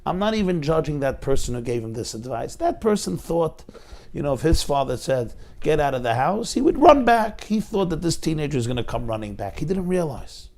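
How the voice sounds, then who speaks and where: Man, middle-aged, rabbi, gravelly voice, dramatic storytelling sermon, intensity rising and falling. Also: on the high side, expressive, fairly quick, darkish tone. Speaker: rabbi lecturer.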